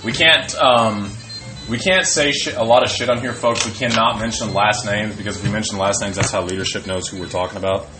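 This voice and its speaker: A young man co-hosting a podcast, telling crude barracks stories in a loud, animated, profane way. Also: fairly low pitch, fairly quick. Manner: animated, profane, loud when quoting others. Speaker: podcast co-host. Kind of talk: crude casual storytelling. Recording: echoey room with faint music.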